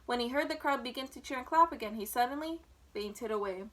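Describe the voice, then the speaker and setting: Bright-voiced woman reading a storybook aloud. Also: a little high, a little fast, rough recording. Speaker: storybook reader for children. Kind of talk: reading a children's book aloud.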